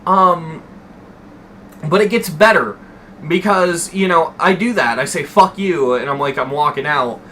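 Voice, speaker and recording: Bright-voiced young man swearing through a story. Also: on the high side, unhurried, a little hiss or hum. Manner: swears freely, animated and rambling. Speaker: streamer. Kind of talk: casual storytelling to stream chat.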